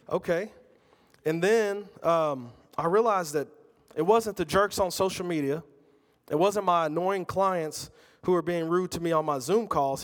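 A man's voice: on the high side, big-room sound. A middle-aged man preaching a sermon, talking conversationally and telling personal stories. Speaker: pastor.

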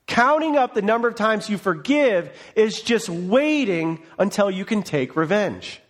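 A man's voice: sits high, sing-song, a little slow. A man preaching a sermon as pastor, earnest and conversational, opening in prayer.

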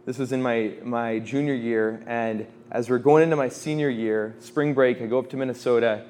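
A man in his twenties giving an informal faith talk to students, conversational, with quick asides and quotes he acts out. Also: mid-range voice, fairly even intonation, darkish tone. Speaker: campus ministry speaker.

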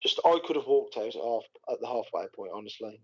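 Here a male co-host with a husky, medium-pitched voice speaks fast over lo-fi sound. It's casual podcast chat, and his story comes out rambling and animated, packed with fillers and false starts.

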